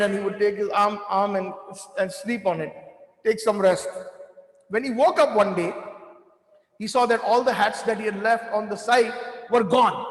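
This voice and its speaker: A man giving a devotional talk, telling lively anecdotes with quoted dialogue. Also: high voice. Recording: echoey hall with long reverb.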